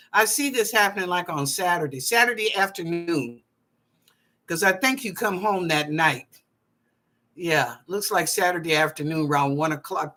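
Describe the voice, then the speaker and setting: Woman psychic host, live online readings from her apartment; bright tone, chatty and animated, drawls phrases for effect. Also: medium pitch. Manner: animated and playful, drawing out phrases, chatty asides. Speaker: psychic reader and show host. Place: apartment at home.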